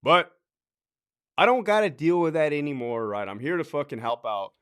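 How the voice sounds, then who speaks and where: Man, former correctional officer, blunt, profane, lively swinging pitch, casual advice talk. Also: moderate pace, clear, resonant tone. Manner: blunt and profane, repeats "right?" often.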